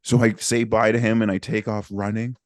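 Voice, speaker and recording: A man co-hosting a podcast, telling a story in a casual, animated way and acting out the people in it. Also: fairly low pitch, brisk, no echo, clean studio sound. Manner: animated, acts out the people in his stories. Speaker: podcast co-host.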